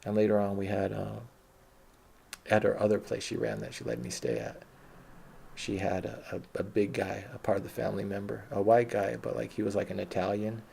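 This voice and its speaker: Male storyteller, low and dark-toned, casual and profane, meanders and corrects himself mid-sentence. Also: brisk, vocal fry, breathy edge. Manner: rambling, profane, self-correcting.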